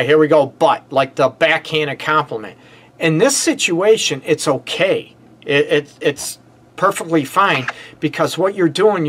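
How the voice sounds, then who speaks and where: A middle-aged man, a relationship counselor, giving casual advice to a live online audience, energetic and repetitive, checking in with "right?" and "okay?". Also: a little high. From United States.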